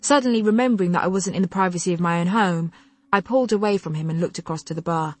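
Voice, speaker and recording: Wry, expressive woman narrating a novel. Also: lowish voice, fast talker. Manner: expressive, wry first-person telling. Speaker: audiobook narrator. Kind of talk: first-person novel narration.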